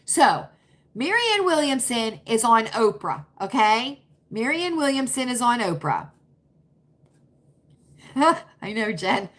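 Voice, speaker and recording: Slow-talking, emphatic woman livestream host. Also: fairly high pitch, sing-song, a bit bright. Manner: emphatic, repetitive, opinionated. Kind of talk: casual livestream chat, reading viewer comments.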